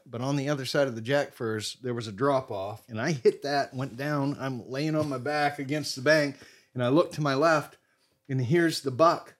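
On a podcast, a man from Maine spins an animated, casual hunting tale. His medium-pitched voice rises loud and drops soft as he goes.

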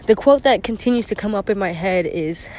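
A young woman vlogs alone to camera, rambling through her feelings in an emotional monologue, close to tears. Her mid-range voice is darkish in tone, brisk and lively in intonation, and her talk is packed with "like," swearing, sighs and nervous laughs.

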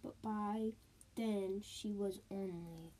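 Slow, mellow woman telling ghost stories. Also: mid-range voice, steady tone, rough recording. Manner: sound words and sing-song repetition. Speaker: storyteller. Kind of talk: spooky storytelling.

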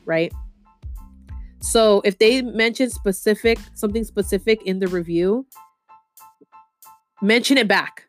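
A woman's voice: medium pitch, moderate pace, long pauses, soft background music. A woman hosting a podcast, giving casual marketing advice in a chatty, slangy way, often acting out example quotes. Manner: slangy and chatty, with many fillers like "like" and "you know"; acts out example quotes in the voices of customers and owners. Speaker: podcast host and marketing advisor.

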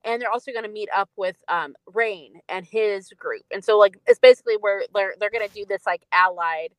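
A woman's voice: mid-range voice, a little fast, dry recording, rough recording. A woman co-hosting a podcast, chatting casually about a film with lots of fillers. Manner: chatty, many fillers and laughs. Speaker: podcast co-host.

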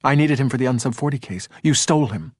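Guy doing a fed-up lady cop, clipped and blunt, pitched up, dry close sound. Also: fast talker, breathy edge, no echo, lightly acted. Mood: irritated. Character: sharp-tongued woman police detective, tense and angry.

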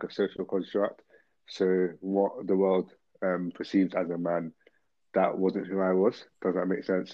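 A young man talks things through reflectively, pausing with "um" and asking if he makes sense. His voice is very deep and stays flat and even. The recording sounds dull and lo-fi. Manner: reflective, hesitant, with "um"s and "does that make sense?". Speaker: panel guest. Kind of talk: casual discussion.

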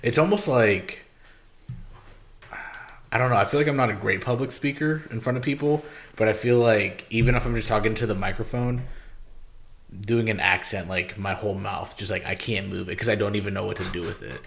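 A man's voice: fairly low pitch, fairly even intonation, a little fast, creaky, a bit bright. A young man co-hosting a podcast in casual chat, rambling and self-deprecating. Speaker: podcast co-host.

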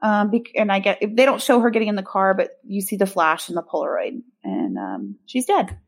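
A woman's voice: mid-range voice, expressive, brisk, gravelly. A woman co-hosting a podcast, recapping a film in casual, sarcastic chat with many ums.

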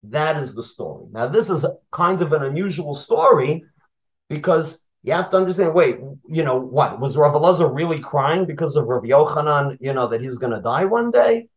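A man teaching Torah, telling a Talmud story with lively storytelling energy. His voice sits a little high for a man. He asks the listeners questions as he goes. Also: moderate pace, rough recording.

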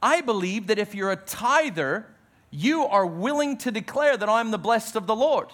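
A man preaching a sermon as pastor, emphatic, dropping his voice low on key words. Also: expressive, moderate pace, fairly bright tone.

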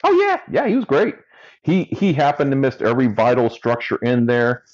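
A man's voice: mid-range voice, normal speed, highs cut off. A man, a firefighter and paramedic, casually telling a story from his job in a dry, amused way. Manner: relaxed, dry storyteller who laughs at his own story.

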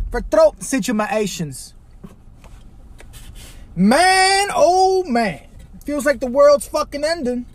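A very high-pitched man from Chicago hosts a podcast, ranting solo with nonstop swearing. He fires off rhetorical questions and breaks into sudden loud outbursts.

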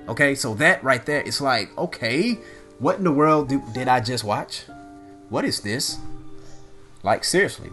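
A man casually recapping a horror movie, animated and excitable, full of fillers and asides. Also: medium pitch, normal speed, soft background music. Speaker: movie reviewer.

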